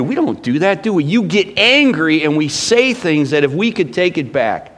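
A middle-aged man preaching a sermon as pastor, emphatic, swinging between loud bursts and hushed lines. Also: a little high, very animated, normal speed, hardly any pauses.

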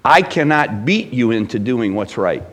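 A middle-aged man preaching a sermon as pastor, emphatic, swinging between loud bursts and hushed lines. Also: mid-range voice, big pitch swings, moderate pace.

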